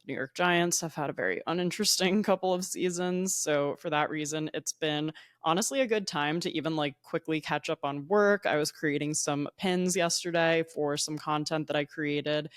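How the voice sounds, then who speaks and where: A woman's voice: low-pitched, moderate pace, no echo, clean studio sound. A young woman with a New Jersey accent hosting a solo podcast from home, chatty and upbeat, laughing often and wandering into tangents. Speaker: podcast host.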